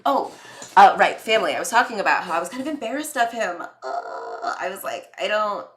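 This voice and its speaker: A woman's voice: medium pitch, very animated, a little fast, fairly bright tone. Chatty woman in an echoey room. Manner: chatty, candid, full of fillers and acted-out quotes. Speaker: podcast host. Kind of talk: casual personal storytelling.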